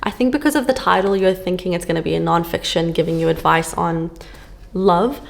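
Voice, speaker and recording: A woman's voice: on the low side, brisk, creaky. A woman book vlogger chatting casually to camera, gushing and full of fillers, filmed at home on a camera on a stand.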